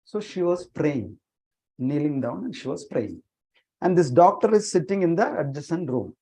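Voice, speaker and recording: A man, preaching by telling a story, softly acting out the dialogue and asking his listeners questions. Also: a little high, big pitch swings, normal speed, slightly rough, low-quality recording. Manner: earnest storyteller, voices dialogue softly, asks the audience questions. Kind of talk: storytelling sermon. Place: temple meeting room, online session.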